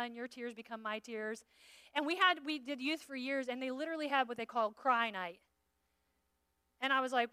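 A woman preaching at a conference, animated and playful, with acted-out asides to the room. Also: high-pitched, quick pace, clean tone, no room sound, studio quality. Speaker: conference speaker. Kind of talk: sermon.

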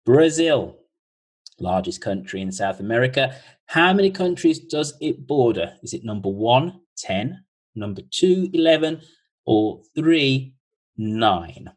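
A man hosting a podcast over a video call, reading out quiz questions slowly and repeating each one in a chatty way. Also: mid-range voice, expressive, breathy edge, rough recording. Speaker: podcast host running a quiz.

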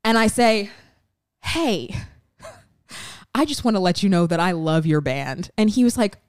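A young adult woman co-hosting a podcast, telling a story with lively, excited delivery and acting out the quotes. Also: medium pitch, no room sound, clean studio sound. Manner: fast, excited, acts out quotes. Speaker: podcast co-host. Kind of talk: animated storytelling.

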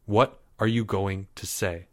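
A man's voice: on the low side, a little slow, fairly bright tone, dry recording, clean studio sound. A man reading a story aloud, voicing a bossy fifth-grade boy who snaps orders. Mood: snapping. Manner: snapping, stern, commanding.

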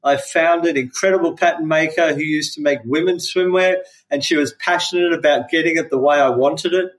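A man's voice: on the high side, brisk, poor audio. A middle-aged Australian man, a company founder, telling his story in an interview and acting out the people he quotes. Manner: animated, acts out the voices of people he quotes. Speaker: company founder, podcast guest.

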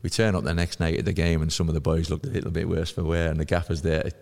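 Man, 50s, very deep voice, gravelly, animated storyteller, reverberant room. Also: fast. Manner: lively storyteller who acts out quoted voices. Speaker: podcast guest, former footballer. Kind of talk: anecdotal podcast chat.

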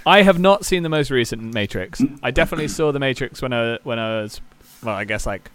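Male co-host, thirties, medium pitch, dry humor. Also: lively intonation, brisk, noisy background. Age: 30s. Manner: dry, joking. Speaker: podcast co-host. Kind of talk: casual podcast chat.

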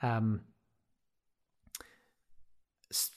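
A man in his forties, a podcast guest who rambles through anecdotes with self-deprecating, dry asides. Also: slow pace. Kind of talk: casual interview storytelling.

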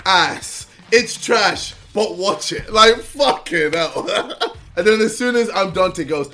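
A very high, bright-voiced man jokes and teases through a casual reaction video. He talks slowly with a lively, swooping delivery and laughs often. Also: soft background music. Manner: laughs often, teasing and joking.

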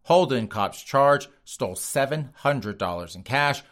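A man's voice: medium pitch, lively intonation, a little slow, fairly bright tone. A man hosting a comedic news show, reading stories and joking about them while addressing his audience directly.

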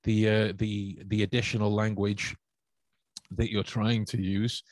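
A man's voice: on the low side, level tone, a little slow, no echo. A young man with a Stoke-on-Trent accent, chatting casually as a podcast host, rambling with many fillers and restarts. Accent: Stoke-on-Trent English. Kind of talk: casual chat.

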